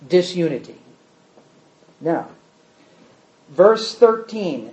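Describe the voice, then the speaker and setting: A man preaching a sermon and reading scripture, shifting between loud emphasis and quiet asides. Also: on the high side, big pitch swings, takes it slowly, pauses often. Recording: echoey hall, slightly dull sound.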